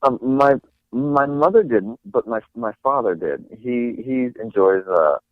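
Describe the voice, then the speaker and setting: A man's voice: mid-range voice, lively intonation, unhurried, no room sound. A young man from New York, a guest actor talking casually in an interview, hesitant and full of fillers and restarts. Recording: dry tinny phone line.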